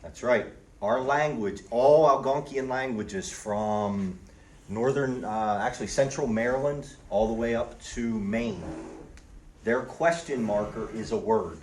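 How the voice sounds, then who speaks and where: A man teaching a language class in a relaxed way, often checking in with the students by asking "okay?". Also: medium pitch, measured pace. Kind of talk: classroom lesson. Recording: roomy, distant audio with faint background ambience.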